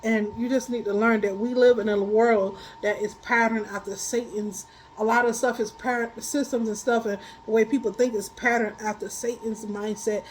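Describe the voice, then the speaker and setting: Woman, high voice, tarot reader, casual storyteller, quick to laugh, blunt and colloquial. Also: slight background noise, rough recording. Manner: animated, laughs often while telling stories. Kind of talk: casual spiritual chat.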